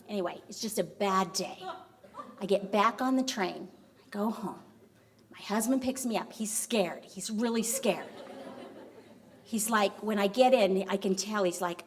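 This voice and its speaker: A middle-aged woman giving a lecture, telling a story in an animated way and acting out the dialogue. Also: medium pitch, moderate pace. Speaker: university vice president giving a lecture.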